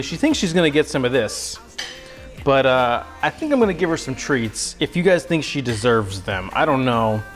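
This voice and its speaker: A man with a somewhat high voice hosts a casual cooking livestream from his home kitchen. He chats loosely with viewers, pokes fun at himself and coos at his dog. Faint music plays in the background. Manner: chatty, self-mocking, coos at his dog.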